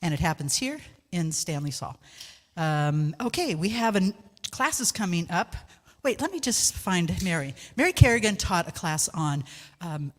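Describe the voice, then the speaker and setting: A woman's voice: on the low side, big pitch swings, unhurried, long reverb tail. A woman giving church announcements as volunteer coordinator, chatty and joking, often correcting herself.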